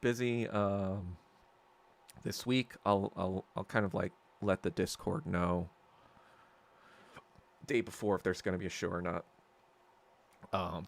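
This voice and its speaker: A man hosting his own podcast in a solo rant, profane and heated, swinging between loud outbursts and low muttering. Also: vocal fry. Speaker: podcast host. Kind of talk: solo ranting monologue.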